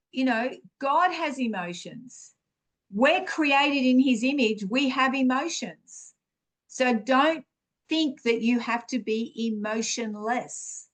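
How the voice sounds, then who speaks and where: A woman speaks slowly and earnestly, teaching on spiritual growth as a podcast host. Her voice sits a little high, and she encourages her listeners warmly, often pausing on fillers and restarting her sentences.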